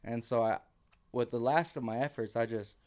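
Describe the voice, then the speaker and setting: A man of average pitch recounts a dramatic fall in relaxed podcast chat. He slips into the voices of his own past self and drops low and quiet when the story gets tense. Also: normal speed. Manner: vivid, acts out his own quotes, drops to near whisper. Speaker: podcast guest. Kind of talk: casual storytelling.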